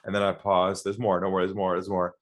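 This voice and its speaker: A man's voice: low voice, monotone, quick pace. A man guest on an interview podcast, teaching sales by telling stories and acting out both sides of phone calls. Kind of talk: storytelling interview talk.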